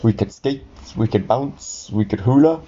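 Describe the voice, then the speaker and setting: A man voicing a small, lonely sock boy in a storybook reading, in a high, plaintive voice. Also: lively intonation, measured pace, warm tone, muffled recording, slight background noise, close to an everyday voice. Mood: wistful.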